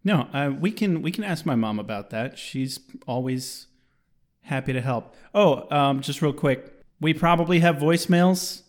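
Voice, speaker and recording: Male podcast host: high, animated, jokey casual chat. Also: moderate pace. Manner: joking, laughs often, reads listener reviews aloud.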